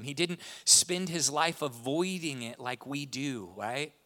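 A man's voice: a little high, normal speed, hardly any pauses. A man preaching a sermon with impassioned delivery. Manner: impassioned, rising to animated retellings. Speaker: pastor.

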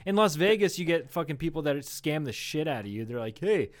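This comedy podcast co-host, a young northern Iowan, has a fairly high, animated voice and talks briskly. He's profane and laughs often, performing the quotes in his stories during casual chat, and the recording is dry.

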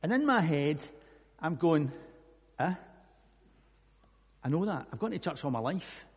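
A man's voice: on the high side, animated, a little slow, slightly rough, big-room sound, highs cut off. A Scottish man preaching a sermon, telling a personal story earnestly and reading scripture. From Scotland.

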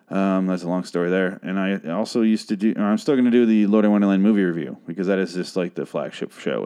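A man hosting a casual solo review podcast, talking in a profane, rambling, jokey way and sometimes breaking into animated voices. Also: fairly low pitch, clear, resonant tone. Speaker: podcast host reviewing a TV series.

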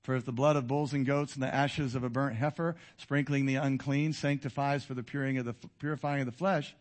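A man in his fifties preaching a sermon to a congregation, swinging between loud exhortation and quiet intensity. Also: medium pitch, steady tone, fairly quick. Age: 50s. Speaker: pastor. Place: church before a congregation.

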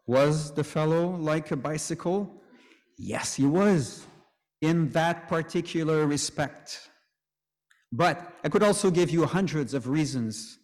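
A man's voice: a little high, in a large hall. A man preaching a sermon in a conversational way, with joking asides.

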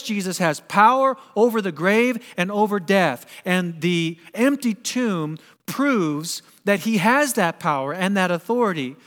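Male pastor, high voice, earnest emphatic sermon delivery with rhetorical questions, long church reverb. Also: a bit bright. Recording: long reverb of a large hall.

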